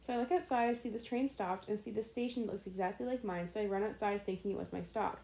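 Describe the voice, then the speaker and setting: A woman's voice: mid-range voice, fast, mellow, reverberant, poor audio. A young woman co-hosting a casual podcast, reading stories aloud, giggly and full of "like"s. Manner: giggly, talks with many "like"s. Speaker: podcast co-host.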